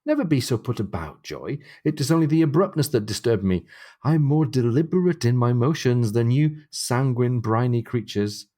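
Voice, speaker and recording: A man reading aloud as a reserved, deliberate male ship's physician who speaks in measured, formal, old-fashioned phrases. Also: medium pitch, sing-song, mellow, close to an everyday voice. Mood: earnest. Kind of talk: reading a novel passage aloud.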